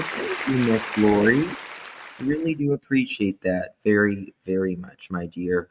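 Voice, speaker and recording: A tired man hosting a casual live stream from indoors, warmly thanking chat viewers through his laptop microphone. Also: low-pitched, normal speed, some chatter behind, slight background noise. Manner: warm, effusive thanks to chat members. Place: indoors at home. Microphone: laptop camera mic.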